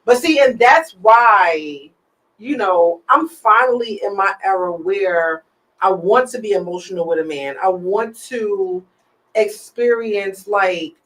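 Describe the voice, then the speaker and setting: A woman's voice: medium pitch, expressive, slow, fairly bright tone, poor audio. A woman hosting a podcast in casual chat, telling candid, reflective stories about her love life. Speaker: podcast host.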